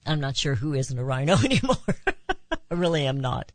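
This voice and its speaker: A woman's voice: a bass voice, very animated, a little fast, dry recording. A woman hosting a talk radio show, delivering an impassioned opinion monologue full of rhetorical questions.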